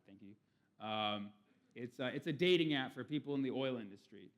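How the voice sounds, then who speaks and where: A man's voice: mid-range voice, animated, moderate pace. A young man doing a stand-up comedy talk on a conference stage, with a punchy, playful delivery full of puns.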